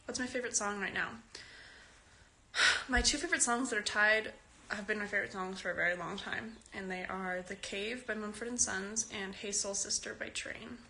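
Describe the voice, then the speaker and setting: Bright-voiced giggly teenage girl chatting. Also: medium pitch, moderate pace, slight background noise. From Canada. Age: teen. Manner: giggly, chatty, reads questions aloud. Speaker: actress answering fans on a live stream. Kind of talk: casual live-stream Q&A.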